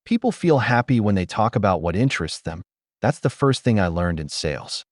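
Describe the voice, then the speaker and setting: A man's voice: lowish voice, very animated, a little fast, dry recording, clean studio sound. A man hosting a commentary video, blunt and opinionated in his reactions. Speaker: commentary host.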